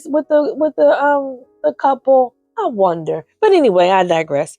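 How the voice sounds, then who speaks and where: A woman recapping a soap opera in casual chat, sassy and chatty with lots of animated asides. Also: medium pitch, moderate pace, hardly any pauses, no room sound, faint music behind.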